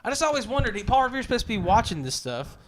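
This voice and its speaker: A man's voice: very high-pitched, very animated, quick pace. A man chatting casually on a podcast, throwing in jokey remarks. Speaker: podcast guest. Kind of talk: casual chat.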